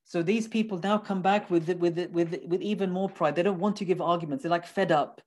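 A man's voice: sits high, moderate pace, hardly any pauses, a little mellow. A man giving a lecture on the Quran, explaining Arabic words one by one and repeating points earnestly for emphasis. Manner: explains Arabic terms step by step, quotes and translates verses.

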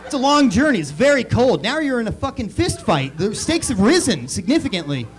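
A man doing crude, animated stand-up comedy on a club stage, acting out bits as he goes. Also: extremely high pitch, a little fast. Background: audience laughter.

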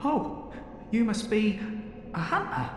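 A man voicing a frail, hunched chapel dweller in a video game, with a thin, small voice and a halting, apologetic manner. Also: sits high, big pitch swings, a little hiss or hum, exaggerated voice. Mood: meek. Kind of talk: game character dialogue. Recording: echoey game voice with long reverb.

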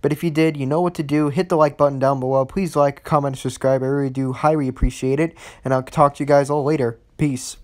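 A man's voice: mid-range voice, steady tone, fast talker, few pauses. A man narrating a gaming clip compilation in a casual, slightly clumsy way.

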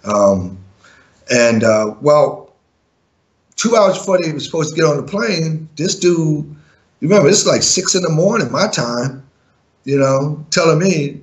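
A man who once managed a music group, giving an interview and telling his side with indignant, animated storytelling full of fillers and restarts. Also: fairly high pitch, a little slow, lo-fi sound. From living in Europe.

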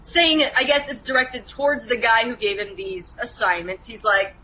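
Woman co-host, analytical casual chat, bright, slightly high voice, dull lo-fi recording with faint hiss. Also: normal speed, hardly any pauses. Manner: explains at length, analytical. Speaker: co-host in a film review chat.

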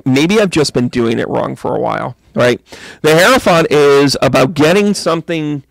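Gravelly joking male tarot reader. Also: mid-range voice, no echo. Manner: joking, chatty, greets viewers by name. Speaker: psychic medium and tarot reader. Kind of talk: casual live-stream tarot reading.

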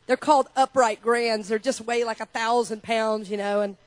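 A woman's voice: a little high, fairly even intonation, moderate pace, dry recording. A middle-aged woman minister preaching a sermon in a church. She talks in a personal, conversational way and leads the congregation in call-and-response. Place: church sanctuary.

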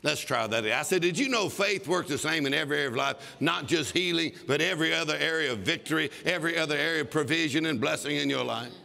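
A man's voice: on the high side, quick pace, gravelly, hardly any pauses, pushed and bright. A man preaching a fervent sermon, exhorting his congregation and breaking into mock laughter. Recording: long reverb of a large hall.

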